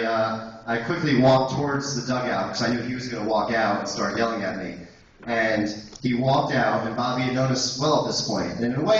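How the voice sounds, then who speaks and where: A young man and guest speaker telling a long rambling story to a college audience, full of fillers and restarts. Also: mid-range voice. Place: college auditorium. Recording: echoey hall, distant dull sound, faint noise.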